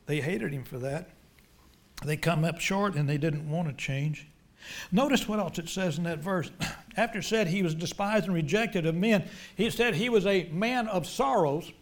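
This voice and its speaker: Impassioned high-voiced male preacher. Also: moderate pace. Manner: impassioned, swings between loud emphatic lines and quiet low ones. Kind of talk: sermon.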